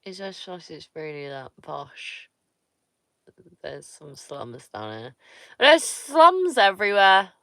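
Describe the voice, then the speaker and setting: A woman, chatting slowly and easily with her livestream viewers. Her voice is bright and crisp, and she is blunt and teasing and swears freely. The sound is close and dry, with no room echo. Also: on the low side, sing-song. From Somerset, England. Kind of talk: casual live-stream chat with viewers.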